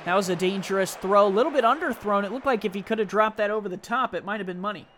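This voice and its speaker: A man giving play-by-play commentary on a simulated football game, with brisk calls and dry joking asides. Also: high voice, fairly bright tone. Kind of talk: live esports football commentary.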